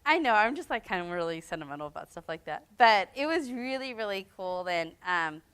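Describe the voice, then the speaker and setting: A woman's voice: mid-range voice, very animated, a little fast, a bit bright, clear, resonant tone. A middle-aged mother speaking casually and sentimentally at a public question-and-answer talk, with chatty asides. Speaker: mother and business co-founder.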